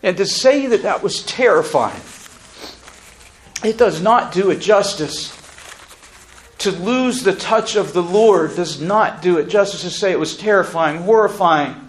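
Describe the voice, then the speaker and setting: Man, solemn personal testimony, deliberate pacing, restarts, a bit higher-pitched. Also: expressive. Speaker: speaker giving a personal testimony. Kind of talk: earnest spoken testimony.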